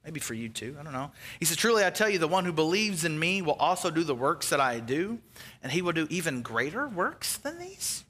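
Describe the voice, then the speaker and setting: Pastor guy preaching, high lively voice, bright tone, acts out the bible bits, drops to a whisper sometimes. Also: fairly quick. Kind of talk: sermon.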